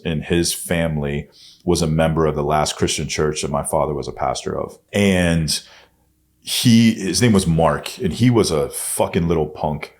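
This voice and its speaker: A man being interviewed on a podcast, telling a personal story in a blunt, profane way. He often swears and goes soft and hushed when he quotes himself. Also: low-pitched. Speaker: podcast guest.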